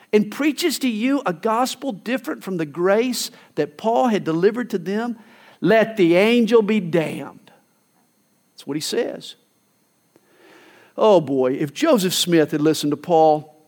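A male pastor preaching a sermon, emphatic, telling stories and acting out quoted lines. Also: sits high. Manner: emphatic, storytelling with acted quotes.

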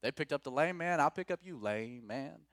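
A man preaching a sermon as pastor, rising to loud emphatic peaks and dropping to quiet, low lines. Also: animated, moderate pace, dry recording, clean studio sound. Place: church.

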